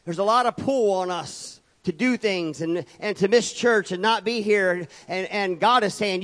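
Male pastor, high-pitched voice, sermon delivery, repetitive rhetorical build-ups. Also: moderate pace, few pauses, a bit bright. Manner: preaching with rhetorical repetition and calls of amen. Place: church.

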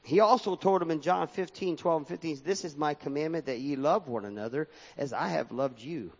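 Dull lo-fi audio with long hall reverb captures a man preaching in a church hall, his fairly high voice creaky with a breathy edge. He moves fairly quickly, reading scripture aloud in a sing-song cadence that swings up and down.

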